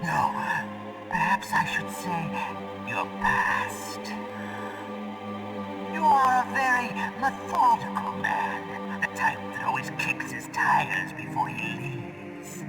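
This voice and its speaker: An actor playing a menacing, theatrical male psychic villain with a slight Russian accent, delivering lines in a sweeping sing-song that drops to hushed whispers. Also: on the high side, huge pitch swings, slow pace, full character voice, low-quality recording. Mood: mocking. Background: loud game music.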